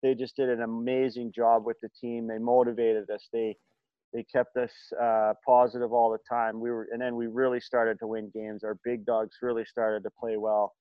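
A man's voice: medium pitch, little pitch movement, moderate pace, clear, resonant tone, no room sound, narrow, tinny audio. A middle-aged man, a former hockey player, telling stories in a casual chat, rambling with many fillers and restarts. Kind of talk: casual storytelling.

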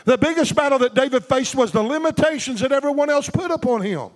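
A pastor delivers a fervent sermon in rhythmic bursts, calling for amens. His voice sits very high for a man. The sound rings with a long reverb from a large hall. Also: lively intonation, quick pace. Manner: fervent, rhythmic, call-and-response preaching.

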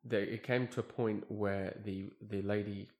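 A man's voice: fairly low pitch, normal speed. Guy telling a long rambly story, keeps restarting, bit of room echo. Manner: rambling, self-correcting, animated storyteller. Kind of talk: casual chat, storytelling. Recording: echoey room.

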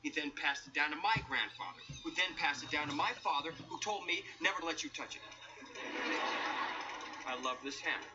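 A man's voice: fairly high pitch, brisk, natural voice. An actor playing a bossy, sarcastic man who orders friends around on a building job, in a sitcom clip. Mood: protective. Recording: dull TV clip sound.

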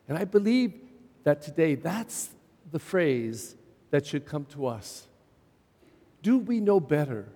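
A man's voice: on the high side, a little mellow. A middle-aged male pastor preaching a sermon in a church, repeating phrases for emphasis and asking the congregation rhetorical questions. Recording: church sermon with long reverb.

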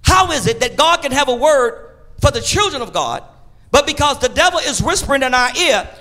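High-voiced, lively preacher man. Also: a little fast. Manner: call-and-response preaching, swinging between shouts and quiet asides. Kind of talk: sermon. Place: church sanctuary.

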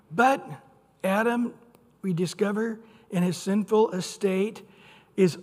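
High-voiced male pastor preaching in a hall. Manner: lively delivery, acting out quotes with shifting loudness. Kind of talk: sermon.

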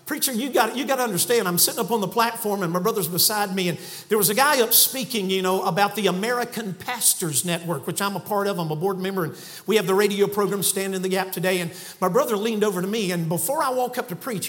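A man's voice: high-pitched, fast, fairly bright tone. A man preaching a sermon from a church pulpit, telling folksy stories and building to fervent emphasis. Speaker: guest preacher.

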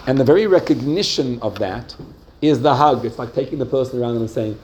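A man teaching a religious class to students, pressing them with questions and slowing down to make his point. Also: mid-range voice, animated, warm tone, a little hiss or hum. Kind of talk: interactive Jewish class.

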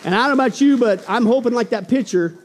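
A male pastor preaching a sermon, swinging between loud exclamations and hushed asides. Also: very high-pitched, quick pace, in a large hall, some chatter behind.

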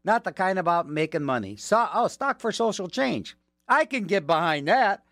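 A man's voice: high-pitched, very animated, normal speed, a bit bright, no echo. A man working as a radio DJ, chatting casually between songs with rambling, joking asides, from a studio mic.

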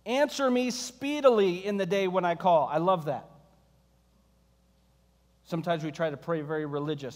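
High-voiced guy preaching, chatty and sarcastic, sermon style, long reverb from the hall. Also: normal speed, pauses often. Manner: animated, conversational preaching with sarcasm and humor. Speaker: pastor.

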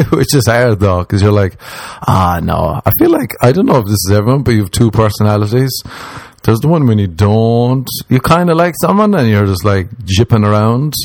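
A young man with a lowish voice talks through a crude, wandering comic rant, poking fun at himself and slipping into silly voices for the people he quotes. The sound is dry and close, with no room around it. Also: lively intonation, normal speed, no echo. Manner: rambling, crude, self-mocking. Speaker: comedian. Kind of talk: stand-up style comic monologue.

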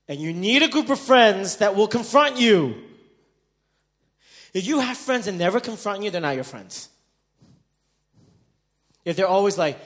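A man preaching a sermon as pastor, telling stories in an animated way and acting out the dialogue, swinging between loud bursts and quiet stretches. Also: sits high. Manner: animated storytelling, acting out quoted dialogue with big swings in loudness.

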